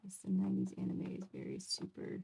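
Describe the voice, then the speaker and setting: A woman in her twenties chats loosely with her stream audience and often trips over her own sentences before finding her point. Her voice sits at a middling pitch, easygoing and unpolished. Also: completely flat delivery, brisk, vocal fry, a little mellow, breathy edge. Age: 20s. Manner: rambling, chatty, self-interrupting. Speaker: livestream host reading a book aloud. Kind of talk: casual livestream chat.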